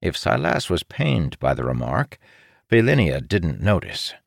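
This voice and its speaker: A man reads a fantasy audiobook in a low, gravelly voice with lively rises and falls. The sound is dry and close, with no room echo. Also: a little slow. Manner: expressive, dramatic storytelling. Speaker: audiobook narrator.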